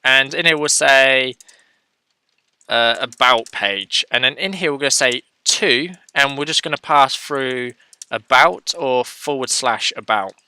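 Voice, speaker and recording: Bright, crisp-voiced man thinking aloud. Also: mid-range voice, measured pace, no room sound. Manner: thinks aloud, self-correcting, chatty. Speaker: coding tutorial host. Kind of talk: casual screen-share coding tutorial.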